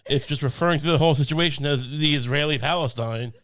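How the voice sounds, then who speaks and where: Smooth-voiced man joking deadpan. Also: fairly high pitch, quick pace. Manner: rambling, deadpan joking with many restarts. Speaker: podcast co-host. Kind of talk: casual comedic chat. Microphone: studio podcast mic.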